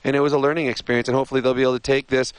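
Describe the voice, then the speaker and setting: A man analysing hockey on a sports radio show, measured and explanatory, on a studio microphone. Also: mid-range voice, little pitch movement, smooth, no echo, rough recording.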